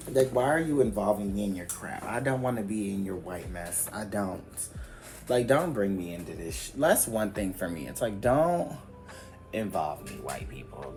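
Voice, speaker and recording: A man chatting candidly through a makeup tutorial, rambling and swearing freely. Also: low-pitched. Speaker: makeup vlogger. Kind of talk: casual chat during a makeup tutorial. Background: music.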